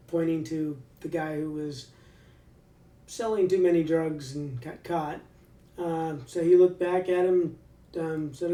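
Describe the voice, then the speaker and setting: Brief: relaxed veteran man storyteller, mellow and fairly high voice, roomy room a bit off-mic. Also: a little slow, recorded from a distance. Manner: relaxed, many fillers and restarts. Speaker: army veteran telling a story. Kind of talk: casual storytelling.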